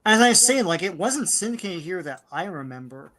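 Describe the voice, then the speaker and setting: This is an easygoing man chatting on a podcast over a call. His voice is high and relaxed, and clear crowd chatter carries behind him throughout. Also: normal speed. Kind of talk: casual chat.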